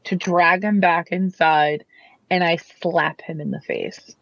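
A woman's voice: lowish voice, fairly even intonation, takes it slowly, gravelly, a bit bright. A woman player in a tabletop game, talking earnestly in and out of character. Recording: dull lo-fi mic.

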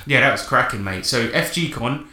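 A man, hosting a casual podcast chat and telling animated, sweary stories about tabletop games. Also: mid-range voice, moderate pace, crowd noise. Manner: swears freely, animated storytelling. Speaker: podcast host. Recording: roomy echo.

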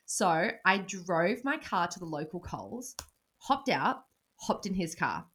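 A woman in her twenties with an Australian accent, co-hosting a casual podcast and telling stories with lively quoted asides. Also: lowish voice, a little slow, slightly rough. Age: 20s. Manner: storytelling, swears freely, animated quoted asides. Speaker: podcast co-host. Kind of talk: casual chat.

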